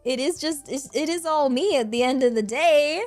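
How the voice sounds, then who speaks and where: A woman's voice: sits high, moderate pace, a little mellow, faint music behind. A woman from England with a rural English accent, chatting casually on a stream, giggly and rambling. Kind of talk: casual chat.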